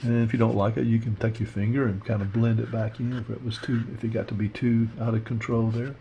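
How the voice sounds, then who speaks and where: A man teaching a watercolor painting demo, talking through his steps in a relaxed, rambling way with lots of fillers. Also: medium pitch, quick pace, gravelly, lo-fi sound, noisy background. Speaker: art instructor. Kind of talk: casual painting demonstration.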